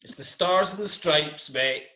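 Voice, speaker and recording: Bright-voiced Glaswegian man, dry humor. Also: fairly high pitch, measured pace. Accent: Scottish, Glaswegian. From Scotland. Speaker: podcast guest. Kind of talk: casual podcast chat.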